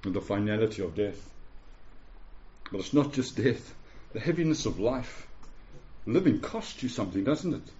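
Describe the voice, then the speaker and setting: A man's voice: fairly low pitch, animated, normal speed, pauses often, warm tone, lo-fi sound. A man in his forties preaching a sermon to a congregation, emphatic, repeating phrases and checking in with "yeah?". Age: 40s. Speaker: pastor. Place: church hall with a live congregation.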